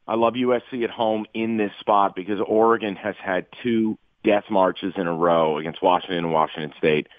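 A man calls in to a sports talk show over a thin, tinny phone line. His voice sits low and dry, and he talks bluntly, laying out his betting picks with firm opinions. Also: no echo. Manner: blunt, opinionated, odds-focused. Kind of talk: call-in radio chat.

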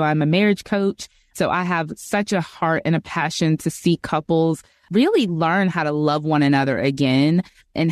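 A woman's voice: deep voice, no echo, clean studio sound. A woman who works as a marriage coach, a guest on a podcast, speaking earnestly and in a teaching way. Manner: earnest, instructive, quotes others. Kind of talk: casual Christian podcast interview.

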